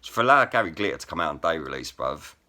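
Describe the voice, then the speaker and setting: Forceful, sharp-voiced man ranting. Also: a bass voice, big pitch swings, fast. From England. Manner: blunt, heavily profane, repeats "bruv" and "innit". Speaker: vlogger and rap poet. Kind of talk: angry to-camera rant.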